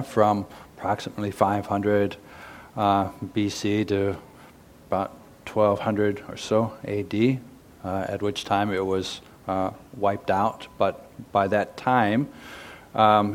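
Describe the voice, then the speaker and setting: A man, a Buddhist monk, giving a dharma talk in a halting way with many pauses and fillers. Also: lowish voice.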